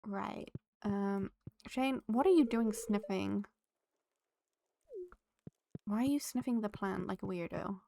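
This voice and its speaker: A woman's voice: mid-range voice, takes it slowly, vocal fry, pauses often, warm tone, a little hiss or hum. A woman streaming a farming game, chatting casually with her viewers and laughing often. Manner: chatty, giggly, talks to chat and the game. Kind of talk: casual live-stream chat while playing.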